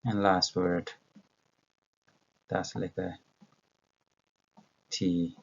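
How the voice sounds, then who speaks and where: Male English teacher from Ethiopia, very low gravelly voice, dull lo-fi recording, patient and halting. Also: steady tone. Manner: slow, patient, with many fillers and self-corrections. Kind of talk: recorded vocabulary lesson.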